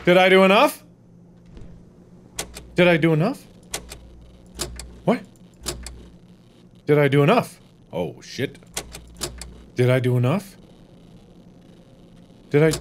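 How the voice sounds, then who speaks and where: A man giving let's play commentary as a gaming host, switching between loud theatrical shouts and low muttered asides. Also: lively intonation, slow, pauses often, a little hiss or hum.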